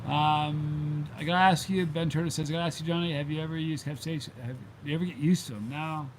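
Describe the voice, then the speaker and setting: This middle-aged man speaks briskly in a slightly high, steady tone while hosting a live stream and reading chat. He chats casually, gets easily sidetracked into rambling stories, and there's a little hiss or hum in the recording.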